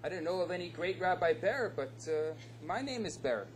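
A man voicing a poor, humble man who speaks gently and without hurry. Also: sits high, lively intonation, moderate pace, slight background noise. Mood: welcoming.

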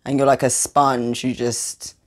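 A woman's voice: a bass voice, little pitch movement, measured pace, darkish tone. A woman interviewing a guest, curious and thinking aloud with fillers. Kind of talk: casual interview questions.

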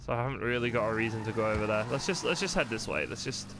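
A man's voice: lowish voice, animated, very fast, background noise. A man streaming a role-play game, chatting casually and thinking aloud, often poking fun at himself. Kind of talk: casual commentary while playing.

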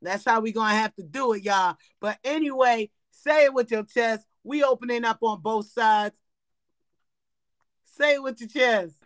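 A brash woman runs a live room on a social app and speaks right to the people listening. She talks loud and blunt and swears freely. Her voice sits mid-high and sounds close and dry. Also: moderate pace, few pauses, dry recording. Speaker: host of a live app show. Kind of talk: casual live-stream hosting.

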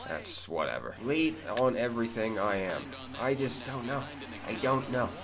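Over game music, a man runs live commentary on his own gaming video, swearing in excitable bursts that jump between quiet muttering and abrupt yelps.

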